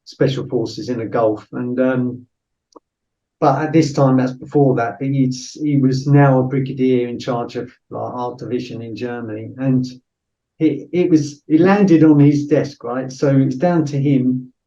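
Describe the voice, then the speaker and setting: A man's voice: medium pitch, steady tone, a little slow, mellow, highs cut off. A middle-aged man, a former soldier, telling a story casually on a podcast with lots of fillers and acted-out quotes. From Britain. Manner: anecdotal, acts out quoted voices, frequent fillers.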